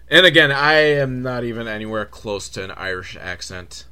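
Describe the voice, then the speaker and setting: Lively, bright-voiced sarcastic man. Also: mid-range voice, normal speed, smooth. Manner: sarcastic, profane, with laughing asides. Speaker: host. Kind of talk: comedic film recap.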